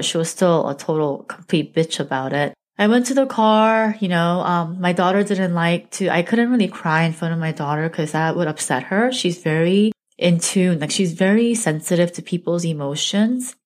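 A woman hosting a podcast, telling a personal story in a heartfelt, emotional way, with many "like"s and "you know"s. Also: fairly low pitch. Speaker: podcast host.

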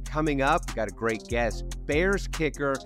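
A man's voice: medium pitch, lively intonation, normal speed, music in the background. Upbeat man hosting a sports podcast. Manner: enthusiastic, upbeat host patter. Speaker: podcast host. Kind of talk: casual sports chat.

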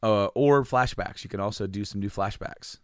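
A man's voice: fairly low pitch, moderate pace, no room sound, clean studio sound. A man co-hosting a casual chat, rambling with many restarts and casual swearing.

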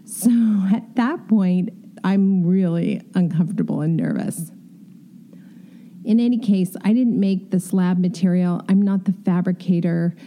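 A middle-aged interior designer tells candid, self-deprecating stories from her work and gives emphatic advice in a storytelling talk. Her voice is fairly low and warm, and she speaks at a measured pace.

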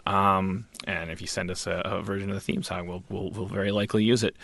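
A man's voice: low voice, level tone, fast talker, gravelly, fairly bright tone. A man co-hosting a podcast in casual chat, rambling and repeating words as he thinks. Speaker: podcast co-host.

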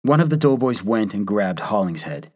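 A man narrating a history story in a measured, scripted way, lifting his voice for quoted lines. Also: lowish voice, sing-song, darkish tone.

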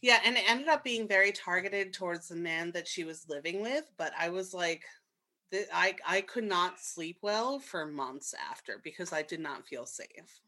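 A young woman co-hosting a podcast, telling a personal story in casual chat, candid and swearing freely with quick asides. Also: on the low side, bright, forceful tone. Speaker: podcast co-host.

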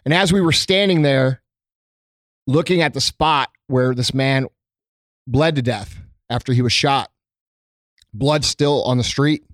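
A man's voice: medium pitch, a little slow, long pauses, fairly bright tone, no echo, studio quality. Earnest, profane man talking straight. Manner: earnest and emotional, heavy swearing, many ums and restarts. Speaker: small business owner addressing his followers. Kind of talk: unscripted heartfelt monologue. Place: his company premises, indoors.

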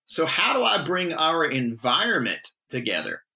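A man, a firefighter, talking casually on a podcast in animated bursts with frequent restarts. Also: a little high, normal speed. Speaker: firefighter guest.

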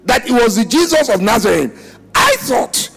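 A man preaching a sermon as pastor at a church service, swinging between loud shouts and near-whispers and calling on the congregation to answer. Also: extremely high pitch, sing-song, normal speed, gravelly, slightly rough, soft background music.

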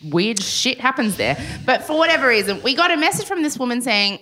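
A woman's voice: a little high, big pitch swings, sharp tone. A woman from Sydney with an Australian accent, co-hosting a live podcast show with jokey, chatty storytelling. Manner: chatty, jokey, quick asides. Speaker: podcast co-host.

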